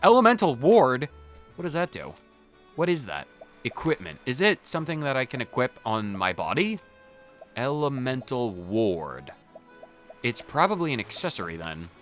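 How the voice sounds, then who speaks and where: A man's voice: mid-range voice, huge pitch swings, normal speed, fairly bright tone, faint music behind. A man hosting a video game playthrough with casual, jokey, rambling commentary. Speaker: gaming channel host.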